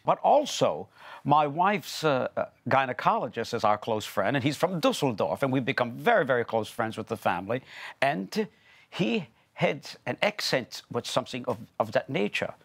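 Older male guest, former opera singer, animated and chatty, mid pitch. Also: normal speed, creaky, slightly rough. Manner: chatty, rambling, with many restarts. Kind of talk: TV interview conversation.

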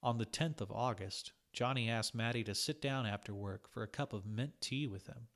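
A man reading a literary short story aloud in a calm, measured way. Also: medium pitch. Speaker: reader.

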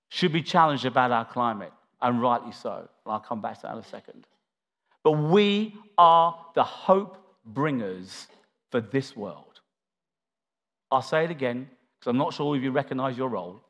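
A man preaching a church sermon, dramatic, shifting between loud declarations and hushed asides as he acts out scripture. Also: medium pitch, fairly quick.

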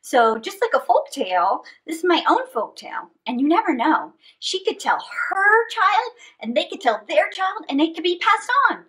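A woman's voice: very high voice, moderate pace, low-quality recording. A woman hosting a children's story time, playfully leading pretend games and telling a story in a sing-song way. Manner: playful, animated, leads children in pretend play. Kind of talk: live kids' story time reading.

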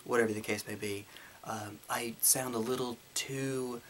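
A man with a light Southern US twang, answering viewer questions in a casual Q&A while holding his voice deeper and fuller than usual. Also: steady tone, unhurried, fairly bright tone, a little hiss or hum. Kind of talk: casual Q&A monologue.

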